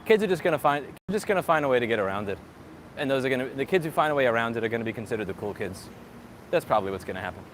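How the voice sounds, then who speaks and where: A man's voice: mid-range voice, animated, very fast, slight background noise. A man talking casually and sarcastically while walking outdoors, ranting with profanity and dry jokes. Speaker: tech streamer.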